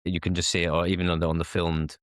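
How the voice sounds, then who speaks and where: A man giving his opinions in a casual podcast discussion, halting with restarts. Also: sits low, level tone, smooth, no room sound, clean studio sound.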